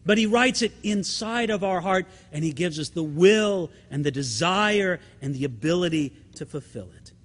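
A middle-aged pastor preaching with a high, bright, ringing voice. He presses his points hard and asks the congregation rhetorical questions, calling them friends. His voice carries a long reverb from a church sanctuary. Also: animated, moderate pace, few pauses. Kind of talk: sermon.

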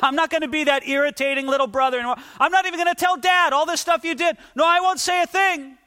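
A man's voice: extremely high pitch, quick pace, sharp tone, big-room sound, voice pushed up. A preacher playing a frantic young man pleading from a pit. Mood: groveling.

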